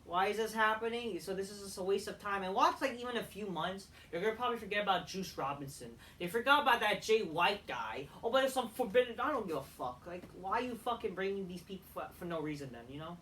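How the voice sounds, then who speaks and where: A woman's voice: mid-range voice, lively intonation, fast, few pauses, fairly bright tone, slight background noise. A woman heatedly ranting as a wrestling show reviewer, swearing often and rambling between points. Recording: voice a bit far from the mic.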